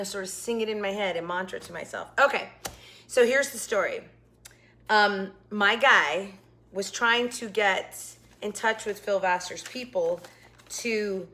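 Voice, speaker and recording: A woman's voice: medium pitch, a bit bright, a little hiss or hum. A woman hosting a craft vlog, telling a rambling story in a chatty way and sounding exhausted. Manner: rambling, talkative, many asides. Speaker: craft channel host.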